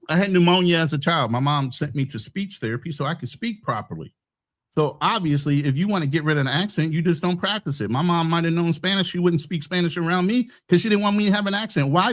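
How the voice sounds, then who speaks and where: A man's voice: high voice, a little fast, a bit bright. A man from the United States, hosting a podcast, arguing bluntly with frequent profanity in a heated debate. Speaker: podcast host.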